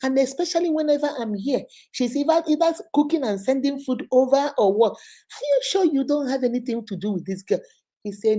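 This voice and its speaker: A woman's voice: a little high, normal speed, warm tone. A woman hosting an advice show, retelling a viewer's story with dramatic quoted voices.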